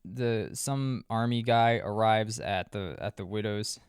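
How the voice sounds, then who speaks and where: A lowish, smooth and resonant man talking into a close mic in a dry room. He recaps a movie casually, rambling, circling back and restarting his sentences, dropping the odd swear. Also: unhurried, no echo. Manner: rambling, many restarts and fillers, profane asides. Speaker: podcast host.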